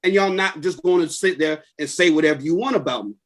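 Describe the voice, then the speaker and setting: A man's voice: fairly high pitch, fast talker. A man, a guest on a podcast, chatting casually and telling a story animatedly, acting out what others said. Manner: animated storyteller who acts out others' words.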